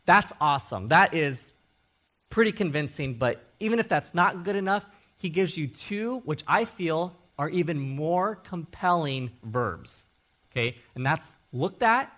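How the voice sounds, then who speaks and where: A Bible teacher preaches a sermon in a fairly high voice, emphatic and animated, repeating key words and often checking in with "okay?".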